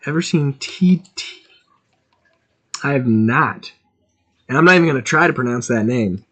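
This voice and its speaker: Man, gaming stream chatter, casual, excitable, very animated pitch. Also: normal speed, husky. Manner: chatty, excitable, thinking aloud while playing.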